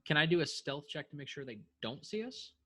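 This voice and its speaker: A man's voice: fairly high pitch, lively intonation, brisk, pushed and bright. A man playing a tabletop game, asking eager, hesitant questions. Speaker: player. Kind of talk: casual tabletop game play.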